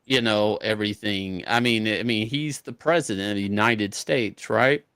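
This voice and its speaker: A man's voice: lowish voice, moderate pace, fairly bright tone, clear, resonant tone, no echo. Swearing man telling a story, dry sound. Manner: profane, retells events by acting out both sides of conversations. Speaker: comic book artist, interview guest. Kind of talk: casual storytelling interview.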